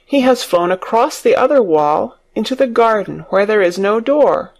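A man's voice: sits high, lively intonation, normal speed, creaky, voice pushed up. A man voicing a lonely, imperious little girl in an audiobook story, lifting his voice into eager questions.

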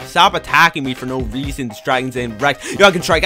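A young man giving live gameplay commentary, excitable and quick to rage and yell at other players. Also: mid-range voice, over music. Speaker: gaming YouTuber.

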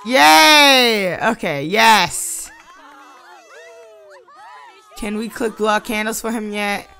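A woman giving casual Let's Play commentary, exasperated and bursting into loud outbursts at the game. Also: medium pitch, slow. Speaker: gaming YouTuber.

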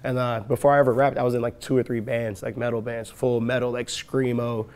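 A young man from Chicago, a rapper, telling profane, animated stories in a casual interview and acting out the people he quotes. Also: medium pitch, fairly quick.

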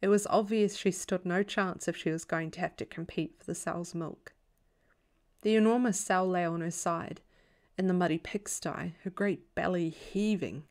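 A woman reading a novel aloud as a bedtime story in a calm, even storytelling voice. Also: fairly low pitch, moderate pace. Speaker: audiobook reader.

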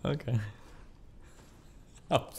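A man hosting a stream call, cutting in with quick, offhand questions. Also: a little mellow. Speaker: streamer host. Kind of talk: casual chat on a stream call.

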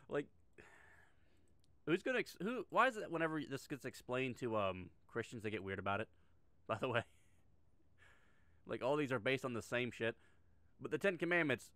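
A middle-aged man with a medium-pitched, fairly bright voice delivers a sarcastic reaction commentary loaded with swearing, frequently restarting his sentences. There's no echo on the recording.

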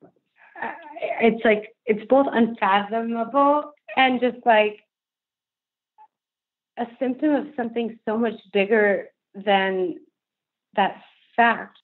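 A woman's voice: on the high side, slow, long pauses. A young adult woman speaking earnestly and candidly as a podcast guest, with frequent "like" fillers. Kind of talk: candid interview conversation. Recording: phone-line remote call.

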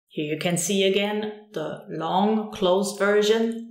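A woman teaches a recorded lesson at a slow, unhurried pace. She explains patiently, stopping to say each example word and then repeat it. Her slightly low voice rings in a roomy, echoey space. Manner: calm, patient explanation that stops often to say example words slowly and repeat them. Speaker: language teacher.

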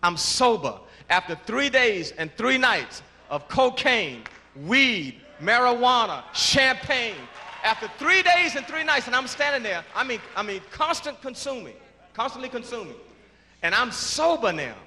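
A man giving his church testimony, halting and repeating words, then rising into shouts of praise. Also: extremely high pitch, big pitch swings. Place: large church before a congregation. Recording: reverberant church hall with congregation.

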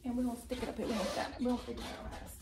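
A woman's voice: fairly high pitch, very fast. A young woman vlogger chatting casually and playfully to her viewers while decorating at home, sometimes dropping to a whisper. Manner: playful, talks straight to viewers; drops to a whisper at times. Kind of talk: casual vlog chat. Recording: noisy home recording.

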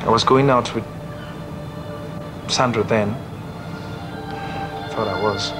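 A man's voice: on the low side, fairly even intonation, takes it slowly. A desperate, pleading young man. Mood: recalling. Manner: pleading, repeats himself. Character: desperate young man begging for visa money. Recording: loud film soundtrack music.

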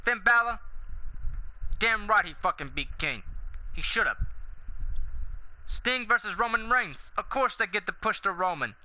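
A man hosting a gaming channel, rambling through a loud, profane, swaggering outro rant that veers from goofy self-mockery into hype. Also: sits high, animated, measured pace, pauses often, low-quality recording.

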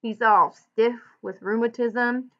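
A woman reading the part of a blunt, gruff male ranch hand in a folksy drawl, on a dull lo-fi recording. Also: on the high side, fairly even intonation, slow pace. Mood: insistent.

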